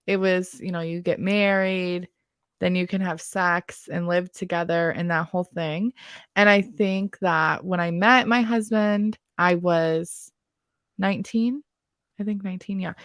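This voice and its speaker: A woman's voice: medium pitch, a bit bright, clean tone, no echo. Playful young woman, dry close sound. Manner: playful, teasing, giggly. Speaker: podcast co-host. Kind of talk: casual chat.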